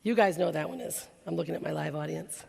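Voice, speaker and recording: Excitable woman speaking on a stage, gravelly edge. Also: sits low. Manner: excitable, laughs often, rapid asides. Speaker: keynote speaker. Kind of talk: energetic stage talk. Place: conference hall stage. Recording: reverberant hall recording.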